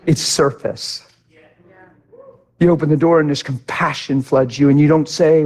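A middle-aged male pastor preaching with a husky, slightly higher voice. His delivery is impassioned, dropping to near-hushed tones and then rising loud. It sounds like a heartfelt sermon. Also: fairly even intonation, unhurried, long pauses.

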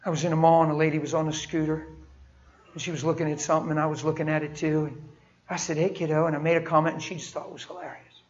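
Guy preaching, kinda high voice, gets soft then really loud, muffled lo-fi recording. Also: little pitch movement, fast talker. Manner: emphatic, swings from soft to loud. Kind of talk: sermon with personal stories.

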